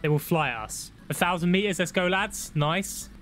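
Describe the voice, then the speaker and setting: Young guy yapping over a driving game, bright voice, faint music behind. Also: high voice, moderate pace. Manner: excitable, shouts when startled, laddish banter. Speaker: gaming YouTuber. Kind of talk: casual gameplay commentary.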